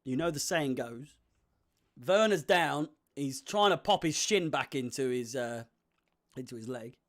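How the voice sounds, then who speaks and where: A young man hosting a live football watch-along, chatting with viewers and getting excitable at chances. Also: mid-range voice, unhurried. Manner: excitable, shouts and laughs at chances. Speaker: fan watch-along host.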